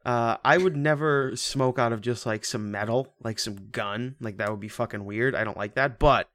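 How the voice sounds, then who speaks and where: A man's voice: mid-range voice, normal speed, fairly bright tone. A man co-hosting a podcast, joking crudely and rambling with lots of restarts. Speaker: podcast co-host. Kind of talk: casual podcast chat.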